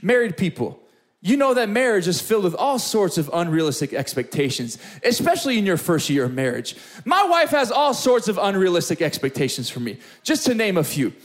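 A young man preaching a sermon as pastor, telling a story with lively, acted-out moments in front of a room. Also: brisk. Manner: animated storytelling, acting out scenes with big pitch jumps. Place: church hall with live audience.

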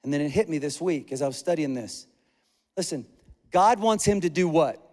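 A man's voice: fairly high pitch, expressive, moderate pace, a little mellow. A man preaching a sermon as pastor, earnest and emphatic, repeating his key phrases. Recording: echoey hall reverb.

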